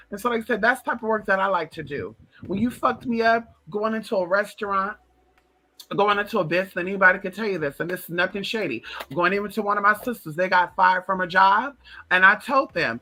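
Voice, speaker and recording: Talking directly to his audience and addressing them as "girl," a male spiritual vlogger spins sassy, foul-mouthed stories. His voice sits high, brisk, pushed and bright, a bit strained as it comes back.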